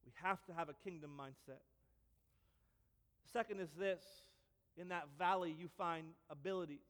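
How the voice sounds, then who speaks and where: A male pastor giving a sermon in a church, telling stories with lively humor and repeated phrases. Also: high voice, in a large hall. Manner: animated storytelling with repeats and humor.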